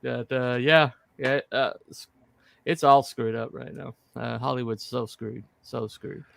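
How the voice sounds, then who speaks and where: A man co-hosting a casual chat, rambling and halting, full of fillers and restarts. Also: mid-range voice, little pitch movement, vocal fry, a bit bright, dry recording. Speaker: podcast co-host.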